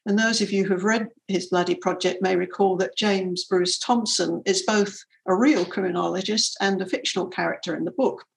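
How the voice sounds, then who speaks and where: A woman's voice: medium pitch, fairly even intonation, moderate pace, creaky, hardly any pauses, slight background noise, rough recording. A woman interviewer giving an enthusiastic, prepared introduction of a guest author. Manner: enthusiastic, warmly admiring.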